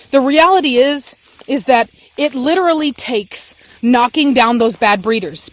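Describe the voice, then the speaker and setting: A woman's voice: sits high, no echo. A young woman with a Texan accent, a dog breeder ranting angrily and passionately in a vlog, often repeating herself. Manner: angry, impassioned, repeats herself. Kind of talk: emotional vlog rant.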